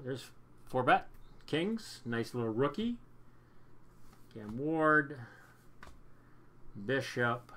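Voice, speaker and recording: A man's voice: medium pitch, fairly bright tone. A man casually narrating a hockey card box break as its host, chatty and upbeat, often repeating himself. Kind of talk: casual card-opening commentary.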